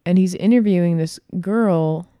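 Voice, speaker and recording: Woman, casual podcast chat, smooth clear voice, animated retelling, lots of "like". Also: fairly low pitch, unhurried, no echo, studio quality. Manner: chatty, animated retelling with many fillers.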